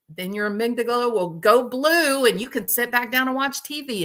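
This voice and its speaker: A woman hosting a casual chat with her viewers, telling animated stories and laughing often. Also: on the high side, normal speed, hardly any pauses. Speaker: host.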